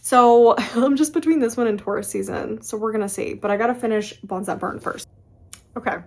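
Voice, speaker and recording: A young woman chatting casually in a book vlog, animated and full of fillers and quick laughs. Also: on the high side. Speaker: book vlogger. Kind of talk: casual chat.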